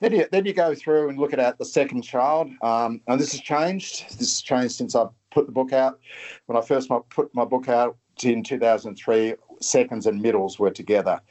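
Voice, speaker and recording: A middle-aged man, a guest author talking in a halting way and often repeating his words. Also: mid-range voice, a little mellow. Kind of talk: casual interview talk.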